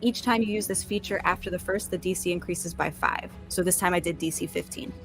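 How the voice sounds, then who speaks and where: A woman's voice: lowish voice, a little fast, soft background music. Woman player reading out game rules. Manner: reads rules aloud, laughs often. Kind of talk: casual game chat.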